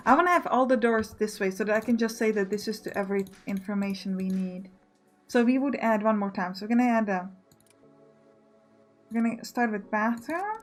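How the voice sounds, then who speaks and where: Let's play host, female, higher voice, musing and self-correcting, soft music behind. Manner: thinking aloud, self-correcting. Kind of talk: casual gameplay commentary.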